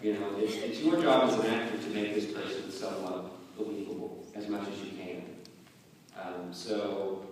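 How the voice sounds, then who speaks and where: A man's voice: lowish voice, normal speed, distant mic. Chuckling man in an echoey hall. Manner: relaxed, chuckling, rambling storyteller. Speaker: voice actor guest on a convention panel. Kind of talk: casual panel talk. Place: large convention hall.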